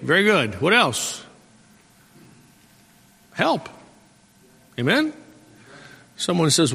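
A man's voice: on the high side, wildly swooping pitch, extremely slow, gravelly, pauses often, bright, forceful tone, slightly rough. A middle-aged male pastor preaching a folksy sermon and calling out for amens from the congregation. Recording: long hall reverb.

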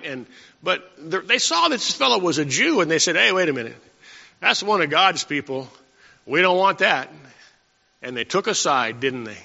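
A man's voice: a little high, gravelly, bright, forceful tone. A man preaching a sermon as pastor, in a folksy way with chuckling asides and many restarts. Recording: dull recording in a reverberant hall.

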